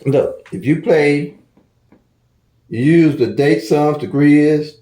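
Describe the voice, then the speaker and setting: A man's voice: a little high, slow pace, mellow, roomy sound. A man with a St. Louis accent explains a lottery number system in a casual, folksy way, repeating himself and stumbling over restarts. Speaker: lottery strategy channel host. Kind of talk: casual tutorial talk.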